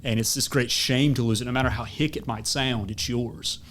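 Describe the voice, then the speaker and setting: A man's voice: medium pitch, steady tone, brisk, fairly bright tone. Man, Southern US accent, podcast host, rambling, filler words, faint background hiss. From American South. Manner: discursive, many fillers and restarts. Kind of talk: casual conversation.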